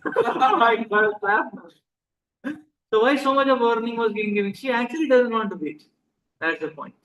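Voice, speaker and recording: Speaking at an extremely high pitch with a fairly bright tone, a man with an Indian accent gives a conversational sermon to a live audience as a spiritual teacher. He frequently asks his listeners questions and switches into Hindi, and the recording is muffled.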